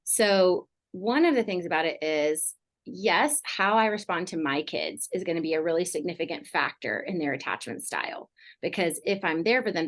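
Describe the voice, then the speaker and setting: A middle-aged woman counselor talking casually on a podcast, rambling with many fillers like "like" and "you know". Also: fairly low pitch. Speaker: mental health counselor guest.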